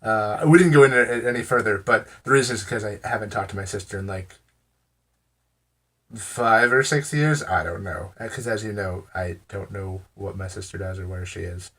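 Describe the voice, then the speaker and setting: A man's voice: lowish voice, normal speed, fairly bright tone. An American man rambling through a casual story to camera, with a wry, amused manner. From United States. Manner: rambling, full of "I'm like" and fillers.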